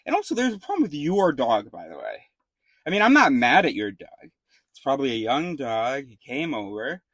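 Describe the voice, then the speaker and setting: A man's voice: mid-range voice, huge pitch swings, moderate pace, a bit bright, dry recording. A man casually telling a rambling story to the camera, swearing freely and restarting his sentences. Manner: rambling, profane, full of fillers and restarts. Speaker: vlogger.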